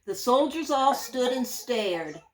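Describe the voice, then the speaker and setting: A woman teacher reading a children's story aloud, gentle and drawn out, leaning into the sound words. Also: high voice, animated, slow pace, slight background noise, poor audio.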